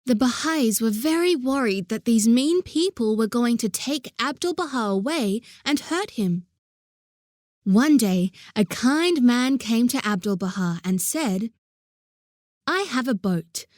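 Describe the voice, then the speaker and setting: A woman narrating a children's audiobook in a gentle, even storytelling manner. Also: fairly high pitch, unhurried, dry recording, clean studio sound.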